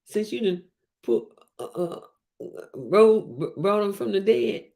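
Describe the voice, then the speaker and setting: A woman's voice: mid-range voice, sing-song, slow pace, creaky, warm tone. A woman hosting a casual livestream, talking emphatically with many restarts and repetitions and reading out viewer comments. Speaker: host of a livestream show.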